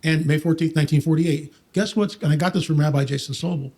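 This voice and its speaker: A man talking quickly and emphatically about Bible prophecy on a podcast, quoting scripture and mocking skeptics. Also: fairly high pitch, a little mellow. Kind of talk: fast, preachy podcast talk.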